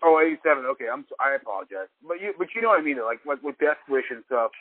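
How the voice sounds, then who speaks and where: A man's voice: fairly high pitch, animated, racing. A man on a podcast talking casually about old films in a rambling, profane, opinionated way. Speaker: podcast co-host. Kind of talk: casual film chat. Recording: dry tinny phone-like line.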